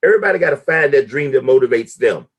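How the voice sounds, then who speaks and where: A man's voice: expressive, fast, breathy edge, lo-fi sound. A middle-aged man speaking as a guest on a live stream, giving a motivational talk with emphatic, sweeping delivery. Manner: emphatic preacher-like delivery with big pitch swings. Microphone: live stream call audio.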